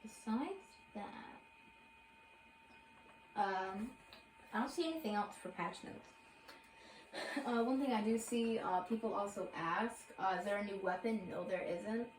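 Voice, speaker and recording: A woman's voice: medium pitch, a little slow, long pauses, roomy sound, a little hiss or hum, rough recording. A young woman casually reading through game patch notes aloud, rambling with lots of fillers and correcting herself. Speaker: gaming video creator.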